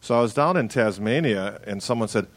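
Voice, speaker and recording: A man's voice: fairly low pitch, expressive, brisk, dry recording. A middle-aged man from Milwaukee, a band member guest telling understated stories in casual chat. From Milwaukee, Wisconsin.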